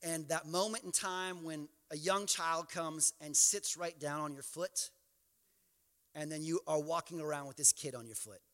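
A male pastor preaching a sermon, moving from quiet storytelling to impassioned, near-shouted exhortation. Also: fairly high pitch, moderate pace. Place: church sanctuary. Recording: church hall reverb.

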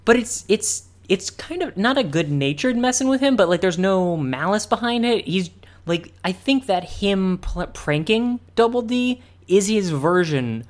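A man's voice: high voice, animated, a little slow. Male co-host, casual chat, rambling delivery full of fillers. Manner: rambling, many "like" fillers and restarts. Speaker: podcast co-host. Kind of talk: casual chat analyzing a cartoon.

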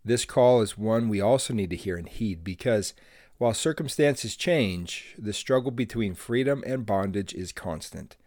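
A man's voice: on the low side, normal speed, darkish tone, no room sound, clean studio sound. Earnest man hosting a devotional podcast. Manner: earnest and friendly, laughs while telling stories. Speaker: podcast host.

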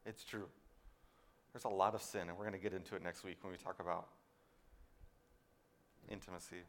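A male pastor preaching a sermon. He swings between loud, emphatic declarations and quiet, low asides, and repeats words when he stresses a point. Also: fairly even intonation, brisk, slight background noise.

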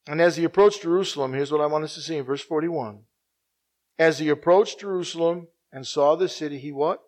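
A man with a high, light voice delivers a sermon. He drops to near-hushed tones, then climbs to loud, ringing declarations, and he repeats key phrases to drive them home. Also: a little fast, rough recording. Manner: dramatic swings between hushed and loud preaching. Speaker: preacher.

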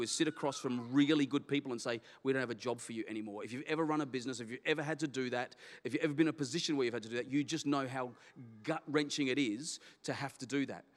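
A middle-aged pastor tells his own story in an animated, candid, self-deprecating way. His voice sits a little high for a man. A long reverb trails after him, as in a big church hall. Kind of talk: personal testimony sermon.

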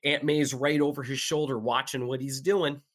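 A man's voice: mid-range voice, level tone, normal speed. A man co-hosting a podcast in casual chat, joking crudely and swearing freely. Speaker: podcast co-host.

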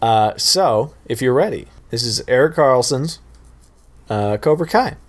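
A man reading his own fan fiction aloud in a relaxed, casual way. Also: medium pitch, measured pace.

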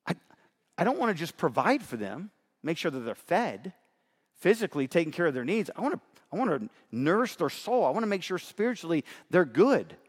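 A man's voice: fairly high pitch, big pitch swings, a little fast. A middle-aged man preaching a sermon as pastor, earnest and emphatic, often checking in with his listeners. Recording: long hall reverb.

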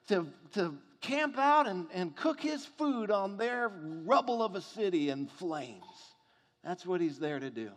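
A pastor delivers a sermon in a high voice, pacing his words slowly and deliberately. He tells the story with rhetorical questions and builds to emphatic points. A long reverb from the church hall trails behind him.

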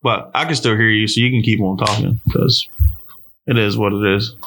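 A man's voice: lowish voice, steady tone, moderate pace, a bit bright, a little hiss or hum. A man talking casually and profanely on a remote video call, ranting in an exasperated way through an earbud mic from home. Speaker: podcast co-host. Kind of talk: casual chat. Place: at home, indoors.

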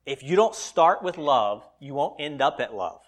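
A male pastor preaching a sermon, swinging between loud emphatic lines and quiet asides. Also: fairly high pitch, very animated, moderate pace.

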